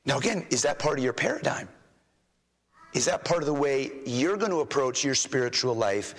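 A man preaching a sermon as a pastor, emphatic, rising in pitch and volume when he reads scripture aloud. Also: a bit bright, in a large hall, poor audio.

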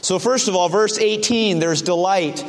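Male preacher, sermon delivery, earnest and questioning, higher-pitched, long reverb. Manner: earnest, rhetorical questions, reads scripture slowly.

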